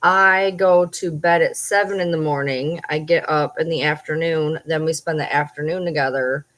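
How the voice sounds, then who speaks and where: A woman's voice: sits low, steady tone, moderate pace, a bit bright, poor audio. A woman at home chatting casually, often cooing baby talk to her pets.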